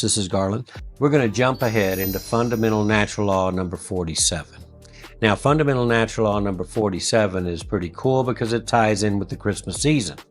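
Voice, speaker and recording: A male host narrating a heartfelt story in a slow, earnest, folksy way. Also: on the low side.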